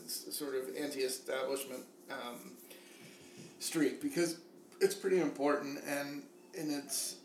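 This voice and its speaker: A man in his forties co-hosting a podcast, talking casually and haltingly as he searches for words. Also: mid-range voice, fairly even intonation, darkish tone. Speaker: podcast co-host. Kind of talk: casual chat. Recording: echoey room with background noise.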